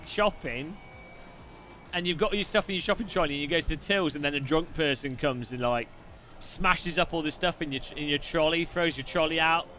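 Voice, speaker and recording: A man's voice: high voice, sharp tone. A man hosting a live stream, chatting casually and joking while commenting on a race. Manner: chatty, jokey, quick asides and laughs.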